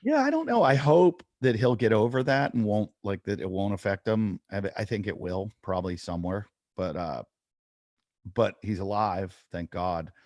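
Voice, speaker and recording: Lively low-voiced man telling stories. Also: normal speed, dry recording, clean studio sound. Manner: animated storyteller, acts out quotes. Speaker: podcast co-host. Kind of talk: casual chat.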